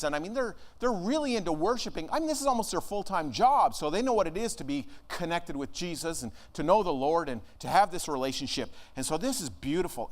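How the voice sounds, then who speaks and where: A man, an American minister, preaching a conversational sermon in a church, earnest and dropping to a hush at times. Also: fairly high pitch. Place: church sanctuary.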